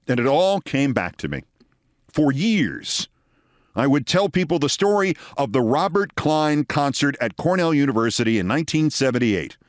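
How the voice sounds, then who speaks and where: A male host spinning a long anecdote with wry, dramatic timing and a lively, swooping pitch. His voice sits in a middle register with a dry, close sound. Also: dry recording. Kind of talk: storytelling commentary.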